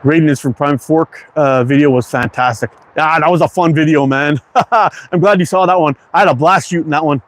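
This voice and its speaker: A Quebec man in his fifties speaks English with a slight French-Canadian tinge, his voice a little high for a man and his pace moderate. Hosting a livestream, he chats in a friendly, casual way with viewers, reading their comments aloud and often repeating his words.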